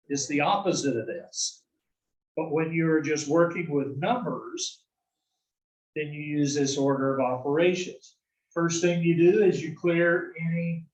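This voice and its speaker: Slow-talking male math instructor in echoey room. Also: a little high, distant mic. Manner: slow, explanatory, asks and answers own questions. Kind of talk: recorded classroom lecture.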